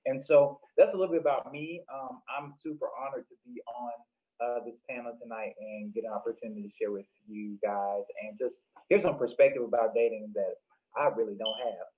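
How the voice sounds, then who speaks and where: A man's voice: mid-range voice, fairly even intonation, brisk. A young man from Mississippi, a panel guest, introducing himself in an earnest, motivational way. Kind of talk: casual self-introduction. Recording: phone-like call audio.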